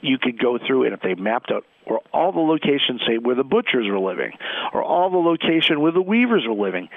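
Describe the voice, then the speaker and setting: Man, genealogist guest, chatty storyteller, gravelly, thin phone-line sound. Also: mid-range voice, sing-song, brisk, no echo. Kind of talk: radio news segment chat.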